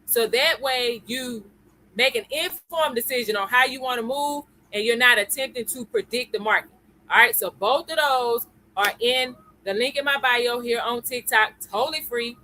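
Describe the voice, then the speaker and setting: A woman's voice: fairly high pitch, moderate pace, sharp tone, rough recording. A woman hosting a live-stream lesson. She talks in a chatty way, greets viewers by name and keeps checking in with "okay?" and "y'all.". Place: at home computer.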